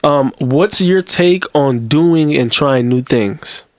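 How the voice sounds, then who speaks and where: A man's voice: a little high, takes it slowly. A man hosting a casual podcast interview, easygoing and joking as he asks questions. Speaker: podcast host.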